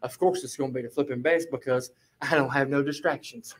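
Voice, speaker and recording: A man sharing a rambling personal testimony with a Bible study group, animated and casual, peppering his talk with "flipping". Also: medium pitch, fairly quick. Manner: animated, rambling storyteller, repeats "flipping" as a filler.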